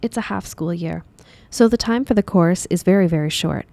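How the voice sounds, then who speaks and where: Mellow, low-voiced woman teacher. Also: moderate pace, vocal fry, dry recording. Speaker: drama teacher. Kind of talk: dubbed classroom explanation.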